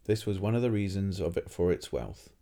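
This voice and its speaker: A man narrates a story aloud in a steady way, sometimes restarting a phrase. His voice is deep and mellow. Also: fairly quick. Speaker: reader.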